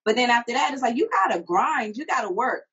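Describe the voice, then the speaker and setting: Eager husky woman hosting an interview. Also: a little high, animated, a little fast, a bit bright. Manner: admiring, eager questions. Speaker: show host. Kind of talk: interview chat. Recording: dull lo-fi audio.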